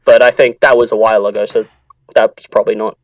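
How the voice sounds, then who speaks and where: A man's voice: fairly low pitch, flat delivery, fast talker, no room sound, recorded from a distance, voice pushed down, close to an everyday voice, poor audio. A man voicing a wary, evasive male tavern barkeep who swears casually and gets flustered. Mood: nervous.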